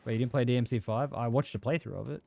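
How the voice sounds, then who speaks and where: A man's voice: mid-range voice, rapid-fire, creaky, a little mellow. A young Australian man chatting casually and rambling while he streams a game, swearing freely and answering chat. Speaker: livestreamer.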